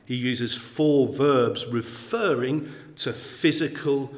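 Slow, deliberate preacher in echoey hall. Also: male voice, medium pitch. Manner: slow, deliberate, repeats key phrases for emphasis. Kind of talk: sermon. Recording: echoey hall with long reverb.

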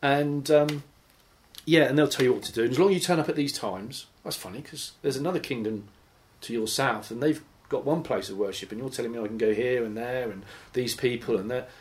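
Man, Bible study leader, mid-pitched, conversational and lively teaching delivery. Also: fairly quick. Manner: conversational, animated, acts out imagined voices. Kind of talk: informal teaching sermon.

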